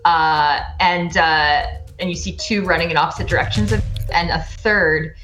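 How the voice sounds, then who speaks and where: Female game master: slow, filler-heavy scene narration over quiet music. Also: lowish voice, echoey room. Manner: halting narration with frequent fillers.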